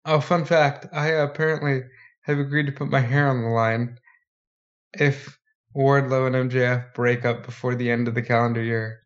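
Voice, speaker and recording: A man co-hosting a casual wrestling podcast, talking with excitement and acting out the wrestlers he quotes. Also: mid-range voice, normal speed, lo-fi sound. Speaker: podcast co-host.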